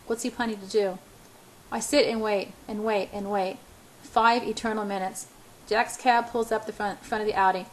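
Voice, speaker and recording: A woman's voice: medium pitch, steady tone, normal speed, slight background noise, poor audio. A woman reading a first-person novel aloud, often stumbling and restarting words. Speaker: audiobook reader.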